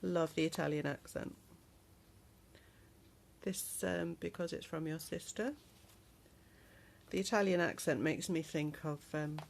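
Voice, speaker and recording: A woman's voice: low voice, vocal fry, a little hiss or hum. A woman chatting through a handmade travel journal in a casual show-and-tell vlog, with lots of ums. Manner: chatty, unhurried, many ums. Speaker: crafter showing a handmade journal.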